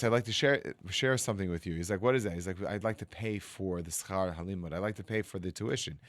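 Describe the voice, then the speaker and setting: A man's voice: on the low side, quick pace, hardly any pauses, no echo. A man, a rabbi telling a story and acting out the voices of the people in it. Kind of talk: storytelling talk. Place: studio.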